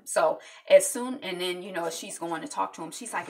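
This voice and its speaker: A woman's voice: on the high side, animated, brisk, vocal fry, few pauses, distant mic. A woman chatting casually as she recaps a reality show episode for her channel, full of fillers and acted-out quotes.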